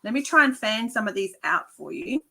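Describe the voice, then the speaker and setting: A woman's voice: fairly high pitch, lively intonation, fairly quick, gravelly, sharp tone, low-quality recording. A woman who runs a craft shop, chatting casually and gushing over new papercraft stock during a live product show. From Australia. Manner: gushing, enthusiastic.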